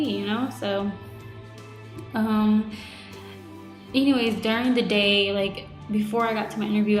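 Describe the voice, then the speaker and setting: Twenty-something girl vlogging her week, rambly and chatty, mid pitch, echoey room w/ faint music. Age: 20s. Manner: chatty, lots of "like", retells with quoted reactions. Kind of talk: casual video diary.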